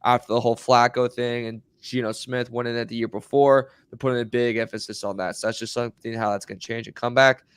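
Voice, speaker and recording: A man's voice: mid-range voice, flat delivery, fast, hardly any pauses, smooth, no room sound, studio quality. A man hosting a sports podcast who leads the topics and laughs easily. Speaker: podcast host. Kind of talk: casual sports chat.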